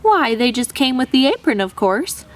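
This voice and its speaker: A woman's voice: sits high, sing-song, normal speed, voice pushed up. A woman voicing a friendly workman who gives away his apron, cheerful in a storybook reading. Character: friendly workman covered in pockets.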